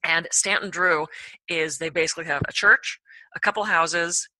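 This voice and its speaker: A woman guest on a podcast, telling a personal anecdote in an animated way, acting out her own reactions with big jumps in pitch. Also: normal speed, no echo. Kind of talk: storytelling anecdote.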